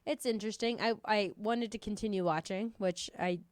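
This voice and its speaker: A woman co-hosting a podcast in casual chat, relaxed and wry. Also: mid-range voice, normal speed, no echo, clean studio sound. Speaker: podcast co-host.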